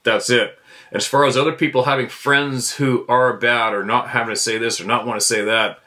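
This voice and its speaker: A man's voice: mid-range voice, fairly even intonation, brisk, bright, forceful tone. Blunt, cursing man on a fired-up rant. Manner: blunt and profane, repeats himself. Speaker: podcast host. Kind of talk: fired-up ranting monologue.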